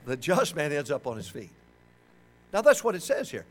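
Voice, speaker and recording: Older man, preacher, sermon, high-pitched, lively swings, joking, call-and-response. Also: normal speed, long pauses.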